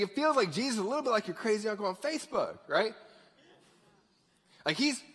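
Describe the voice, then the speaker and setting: A man's voice: high voice, brisk, pauses often, breathy edge. A male pastor giving a casual, jokey sermon in a church. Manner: animated, conversational, jokey. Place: church sanctuary. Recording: reverberant church hall.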